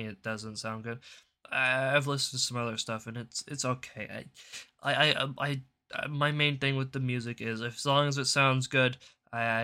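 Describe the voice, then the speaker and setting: A man's voice: mid-range voice, sharp tone. A man hosting a casual political commentary show, rambling and stammering, often repeating words. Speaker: show host.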